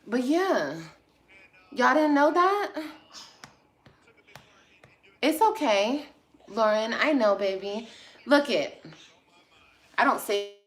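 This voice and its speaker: Her voice medium-pitched and a bit bright, a woman vlogger responds to livestream comments casually, scolding viewers in a blunt, sassy, profane way.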